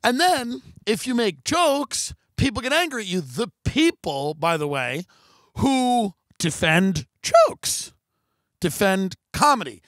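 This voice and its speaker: A man's voice: high-pitched, big pitch swings, slow, a bit bright, dry recording. A man hosting a comedy podcast, delivering a profane, rambling, sarcastic rant and mocking his critics in put-on voices. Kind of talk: ranting comedic monologue.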